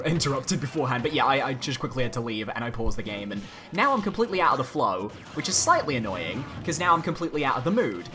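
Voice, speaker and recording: Casting note: young man, let's-play commentator, lively pitch, excitable and exasperated, game music faint behind. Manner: animated, exclaiming, swings between excited and exasperated. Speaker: gaming YouTuber.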